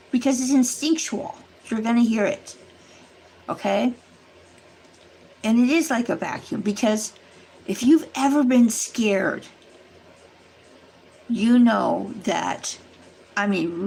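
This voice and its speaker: A woman's voice: medium pitch, creaky, slight background noise, low-quality recording. A woman hosting a livestream, chatting casually and earnestly to her viewers, rambling as she warns them. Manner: addresses viewers directly. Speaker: livestream host. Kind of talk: casual chat to a live audience.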